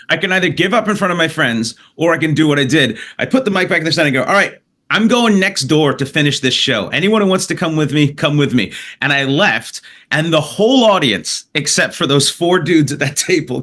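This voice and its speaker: Canadian comedian guy, bright tense voice, swears a lot, tells stories fast and loose. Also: fairly high pitch. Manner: animated anecdote-telling with profanity and laughter. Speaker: comedian guest. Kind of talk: storytelling in a podcast interview.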